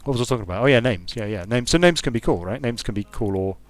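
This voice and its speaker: Expressive and quick, this British man's mid-range voice carries his casual commentary as he plays a strategy game on stream. A UK game designer, he drifts between topics, musing aloud.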